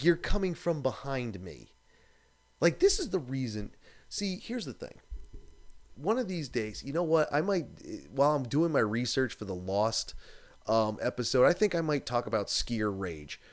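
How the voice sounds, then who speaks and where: Man, live stream host, casual rant, swearing, exasperated, middle pitch. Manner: animated, profane, exasperated ranting.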